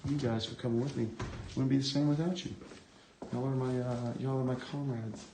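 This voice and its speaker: A man streaming live from inside an abandoned building, talking to his viewers in a rambling, reverent murmur as he reads titles off the shelves. His voice sits at an ordinary middle pitch. The phone recording carries a clear hiss and scattered clicks. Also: steady tone, normal speed. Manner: musing, reads book titles aloud with hushed awe.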